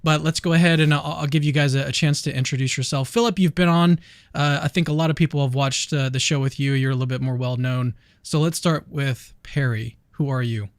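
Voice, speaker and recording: A man's voice: medium pitch, steady tone, brisk, no room sound, studio quality. A man hosting a casual online chat, introducing guests in a talkative, upbeat way with frequent restarts. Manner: chatty, upbeat, with many restarts. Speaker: host.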